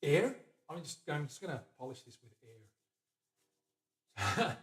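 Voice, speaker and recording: A fairly high-voiced man chatting casually as he works in his workshop. He is upbeat and talkative, jumping from loud, excited remarks to low, half-muttered asides to himself. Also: a little slow. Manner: chatty and upbeat, talking to viewers and a helper as he works; swings between loud bursts and quiet mumbling to himself. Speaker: guitar builder hosting a livestream. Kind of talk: casual workshop chat while working.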